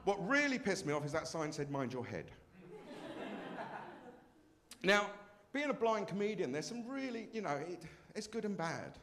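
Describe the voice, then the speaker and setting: A man's voice: high voice, big pitch swings, a little fast, a bit bright. A man performing a brash, self-mocking stand-up comedy set on a club stage.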